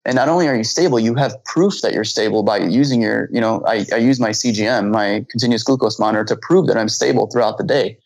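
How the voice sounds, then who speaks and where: Gravelly-voiced man telling a story. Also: on the low side, fast talker, hardly any pauses, no room sound, low-quality recording. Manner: animated, acts out dialogue in his story; frequent restarts and repeated words. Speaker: guest, flight instructor. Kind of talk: casual storytelling in conversation.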